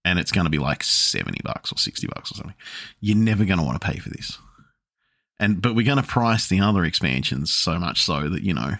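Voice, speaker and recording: Brief: a man playing a salesy game-publisher guy, voice dropped low and deep, coaxing and smooth in a podcast bit. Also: very animated, a little fast, a bit bright, heavily acted. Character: smooth-talking male game publisher pitching a season pass.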